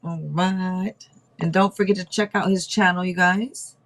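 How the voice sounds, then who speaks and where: A woman's voice: fairly low pitch, steady tone, measured pace, a bit bright. A woman hosting a casual livestream tarot reading, chatty, thinking aloud and laughing often. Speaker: tarot reader host.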